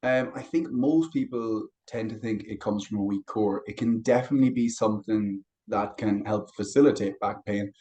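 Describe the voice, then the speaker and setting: A young adult man, a fitness coach guest on a podcast, talking casually and telling stories in a relaxed way. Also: on the low side, moderate pace, hardly any pauses, rough recording. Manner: relaxed storytelling with anecdotes. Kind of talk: casual interview chat.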